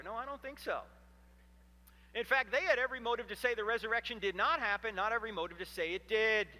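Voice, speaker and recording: Fifties male speaker, high, very bright and lively voice, joking storyteller addressing a crowd, reverberant hall sound. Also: fairly quick. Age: 50s. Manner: animated storytelling with humorous asides. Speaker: Christian apologetics speaker. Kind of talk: lecture to a live audience.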